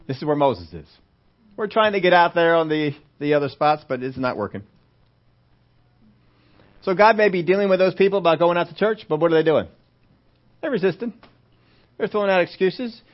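Conversational preacher with a fairly high voice. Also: male voice, animated, moderate pace, long pauses. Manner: conversational, asks the congregation questions. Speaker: pastor. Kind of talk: sermon. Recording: dull lo-fi recording.

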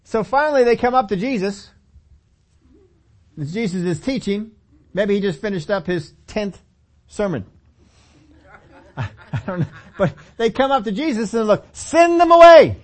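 Man, preacher, animated storytelling sermon, high voice, acts out characters. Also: a little slow, long pauses. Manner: animated storytelling, acting out the disciples with humor; laughs often and asks the audience questions.

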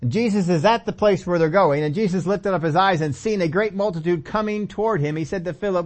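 Speaking fairly quickly with hardly any pauses, a man whose voice sits high delivers a humorous sermon. He plays the characters in the story, laughs frequently and puts questions to the audience.

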